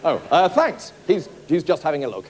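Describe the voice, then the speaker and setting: A man's voice: a little high, sing-song, moderate pace, very noisy. An actor playing a hesitant, slightly flustered male customer in a comedy sketch. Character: awkward male customer buying a hedge.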